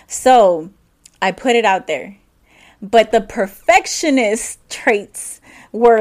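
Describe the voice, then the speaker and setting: Woman podcaster rambling candidly to her listeners, slightly high voice, lots of restarts. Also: unhurried. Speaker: podcast host. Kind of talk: personal reflective monologue.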